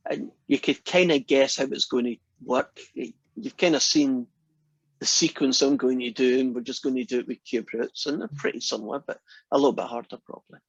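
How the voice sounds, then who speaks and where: A man's voice: medium pitch, fairly even intonation, brisk, slightly rough, no echo, lo-fi sound. A Scottish man giving a math lecture in a classroom, chatty and often restarting his sentences. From Scotland.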